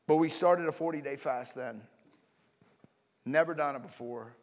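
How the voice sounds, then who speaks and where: Animated pastor preaching in a reverberant hall. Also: male voice, on the high side, moderate pace. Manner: animated, storytelling, frequent "right?" asides. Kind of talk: sermon. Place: church auditorium.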